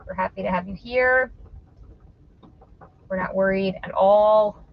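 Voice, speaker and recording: A middle-aged woman hosts a casual reselling live stream, chatty and playful as she teases her viewers. Her voice sits at an ordinary pitch. The recording sounds a little dull and muffled. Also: measured pace, pauses often. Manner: chatty, playful, teasing the audience. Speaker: host of an online reselling show. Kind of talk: casual live-stream chat while listing items.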